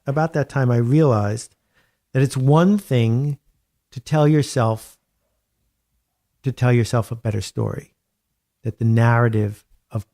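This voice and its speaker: Wry, animated man telling stories. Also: mid-range voice. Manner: animated, wry storyteller with emphatic repetition. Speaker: guest author. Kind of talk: conversational interview. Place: home studio.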